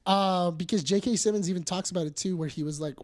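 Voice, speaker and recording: A woman co-hosting a casual podcast, telling a story with lively energy and acting out the quotes. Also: fast talker. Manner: animated storyteller who acts out quotes with big jumps in pitch and volume. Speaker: podcast co-host.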